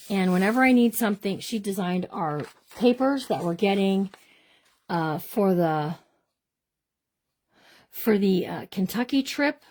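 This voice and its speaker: A middle-aged woman, speaking at a medium pitch in a slightly mellow voice, hosts a live craft demonstration from her home craft room. She chats with viewers while working, calling them "you guys." Expect a bubbly, chatty style full of playful made-up words.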